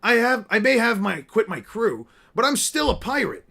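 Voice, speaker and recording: A defiant, touchy young pirate with a raised, strained voice , as a man with a deeper voice tries him on. The tone is bright and sharp, insisting he is still a pirate. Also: sing-song, normal speed, gravelly, exaggerated voice. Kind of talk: fan reading of a comic scene.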